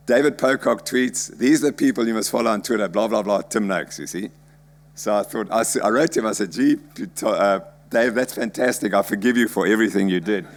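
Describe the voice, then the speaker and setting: Older prof, chatty talk with jokes, low gravelly voice. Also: male voice. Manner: chatty, anecdotal, jokey asides. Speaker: professor giving a lecture. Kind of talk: conference presentation with slides.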